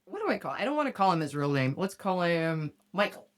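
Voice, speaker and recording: A woman's voice: fairly low pitch, sing-song, quick pace. A woman hosting a podcast, telling a profane story in casual chat and laughing often. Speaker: podcast host.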